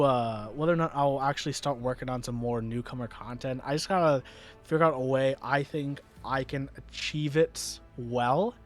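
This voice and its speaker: A man's voice: fairly high pitch, fairly bright tone. An American man chatting casually on a livestream, often restarting his sentences and answering chat. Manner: rambling, many restarts, reads chat aloud. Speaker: streamer. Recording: faint music in background.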